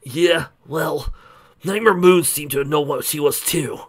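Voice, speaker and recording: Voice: mid-range voice, takes it slowly, voice pushed up. A reader voicing a proud, defensive young male pegasus who talks bluntly. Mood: suspicious.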